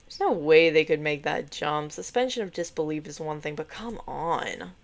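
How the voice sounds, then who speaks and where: A woman's voice: deep voice, animated, normal speed. A woman voicing a snarky but caring young brother, dry and teasing.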